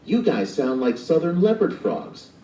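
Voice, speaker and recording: Man reading as an earnest frog-loving kid, raised pitch, roomy and distant audiobook sound. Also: very animated, unhurried, dark tone. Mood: eager. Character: eager young boy obsessed with frogs.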